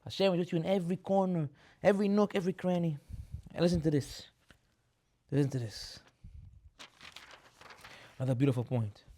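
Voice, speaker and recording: A rabbi preaches at a rapid clip in a slightly high voice. He keeps repeating his key lines and scatters Hebrew terms through the talk. His volume often climbs to loud, emphatic peaks. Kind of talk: sermon.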